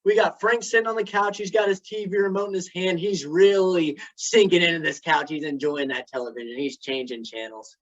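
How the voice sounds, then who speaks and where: A man delivering a prepared club speech, telling stories with dramatic pauses. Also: high voice, fairly even intonation, fairly bright tone. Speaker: club speaker. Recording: dull lo-fi recording.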